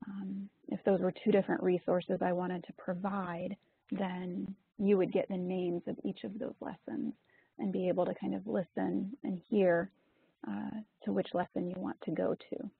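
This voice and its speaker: Female webinar presenter, husky and explanatory, on a tinny dry line. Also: medium pitch, little pitch movement, moderate pace, no echo. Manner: explanatory, frequent ums and you-knows. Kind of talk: webinar lesson.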